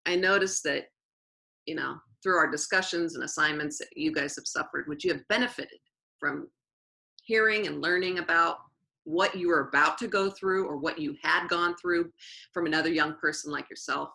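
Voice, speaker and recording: Low creaky-voiced woman teacher. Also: moderate pace, poor audio. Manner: earnest, animated storytelling with many restarts. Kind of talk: interview storytelling.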